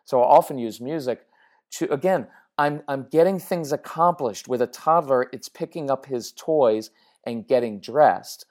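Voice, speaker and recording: A woman's voice: rumbling low, unhurried, a little mellow. Middle-aged woman giving parenting advice, chatty and emphatic, keeps checking in with her listeners. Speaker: parenting coach. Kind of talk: direct-to-camera parenting talk.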